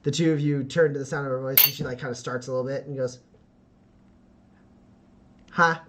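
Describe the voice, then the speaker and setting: A man narrating a tabletop game as game master in a halting way, with many fillers. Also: medium pitch, steady tone.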